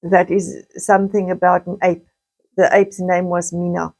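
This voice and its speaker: A middle-aged woman, slowly recounting painful childhood memories in a halting personal monologue. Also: on the low side, little pitch movement, a little mellow, low-quality recording. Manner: slow, halting, with frequent restarts and pauses.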